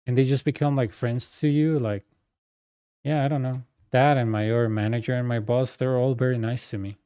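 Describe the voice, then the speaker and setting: Mellow-voiced man. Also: medium pitch, steady tone, brisk, smooth, no room sound, studio quality. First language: Spanish. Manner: rambling, full of fillers and asides. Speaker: game streamer. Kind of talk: casual storytelling chat.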